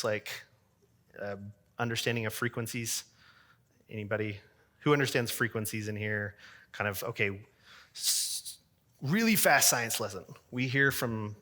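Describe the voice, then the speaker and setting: A church sound engineer gives a casual, chatty conference talk to an audience, full of fillers and joking asides. His voice is mid-range with a sharp tone.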